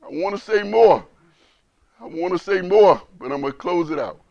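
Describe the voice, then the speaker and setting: High-voiced man preaching with emotion. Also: animated, normal speed, vocal fry, darkish tone, no room sound, lo-fi sound. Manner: repeats phrases for emphasis. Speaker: imam. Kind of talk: sermon.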